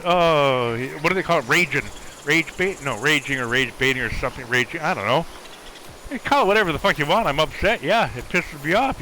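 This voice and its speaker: A man's voice: on the high side, bright, forceful tone, a little hiss or hum, rough recording. A man ranting on a livestream, exasperated and profane while talking over his gameplay.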